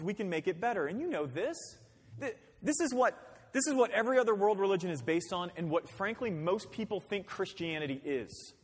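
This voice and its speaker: A man's voice: sits high, husky. A man pastor preaching a sermon in a conversational way, with rhetorical questions and acted-out quotes. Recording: long hall reverb.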